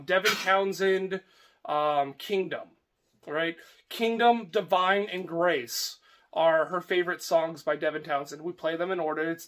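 A young man with a fairly high voice chats casually to his viewers. He rambles, trails off and restarts his sentences, filling the gaps with ums and uhs. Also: fairly bright tone. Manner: rambling and affectionate, with many fillers and restarts. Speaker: homestead vlogger. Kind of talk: casual vlog chat.

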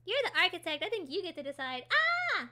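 A woman's voice: very high voice, expressive, fast, pushed and bright. A woman hosting a casual gaming livestream, chatty and giggly, answering her chat while she builds. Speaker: livestream host.

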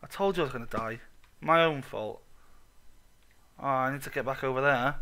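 A man with an excitable, sweary, self-mocking manner, giving let's play commentary on his own game. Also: medium pitch, normal speed, pauses often, clear, resonant tone. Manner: excitable, swears a lot, laughs at himself. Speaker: gaming channel host.

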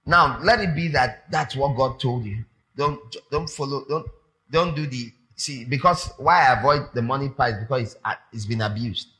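A man preaching a sermon, animated and emphatic, repeating phrases for effect. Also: mid-range voice, normal speed.

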